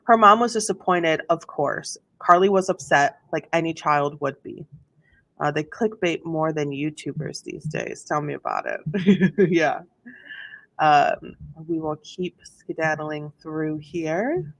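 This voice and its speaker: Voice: medium pitch, very animated, slow, fairly bright tone. A host giving casual commentary on a court trial, chatty and full of fillers and asides, reading testimony aloud.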